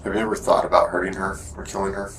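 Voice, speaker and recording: A man questioning a suspect in a police interview, calm and steady. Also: deep voice, rapid-fire. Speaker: detective. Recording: noisy interview-room recording.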